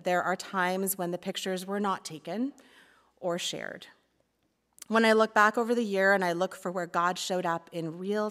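A woman's voice: lowish voice, a bit bright. A woman community life pastor giving a reflective sermon talk in church, playful and laughing at times, then earnest.

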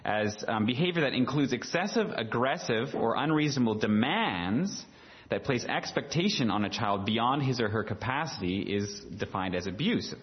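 A man's voice: medium pitch, lively intonation, moderate pace, highs cut off. A man preaching a sermon in a conversational way, full of rhetorical questions and filler words. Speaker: pastor.

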